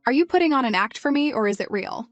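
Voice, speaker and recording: A woman voicing a cold, possessive male mafia boss who talks calmly and menacingly, over faint music. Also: sits high, fast, no room sound, pitched above the performer's own voice. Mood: cold, taunting. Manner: calm, menacing. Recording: dry, music faint behind.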